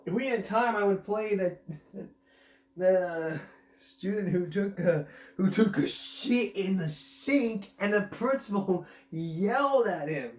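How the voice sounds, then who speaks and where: A man's voice: sits high, animated, slow pace. Giggly male host, casual commentary, roomy sound. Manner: giggly, laughs constantly. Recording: roomy echo.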